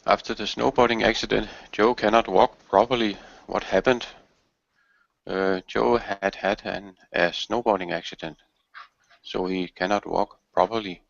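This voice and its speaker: A man's voice: fairly low pitch, steady tone, normal speed, creaky, no room sound, dull audio. A man answering as a student in an online English class, careful and asking about grammar. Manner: careful, asks questions. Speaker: language student.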